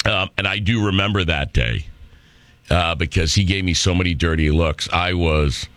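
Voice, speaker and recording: A middle-aged man hosts talk radio, giving a rambling, sarcastic, brash monologue full of opinion. His low-pitched voice is a bit bright and moderately paced, captured dry on a studio microphone.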